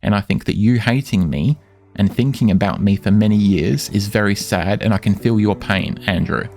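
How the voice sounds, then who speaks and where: A man speaking insistently to camera in a monologue, repeating and slowly stressing his words. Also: lowish voice, darkish tone. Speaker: vlogger addressing his stalker. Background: music.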